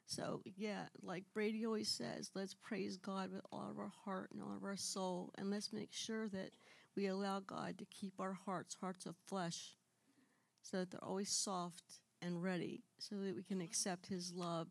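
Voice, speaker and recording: A woman giving a heartfelt testimony at a church service, fighting back tears and speaking in quick rushes. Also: medium pitch, little pitch movement, creaky, dry recording. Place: church sanctuary.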